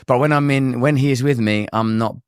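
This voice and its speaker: English man, forties, rambling storyteller, mid-pitched, dry close sound. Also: brisk, clean tone, no room sound. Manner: rambling, animated, acts out quoted voices. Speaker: guest. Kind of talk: candid storytelling on recovery and faith.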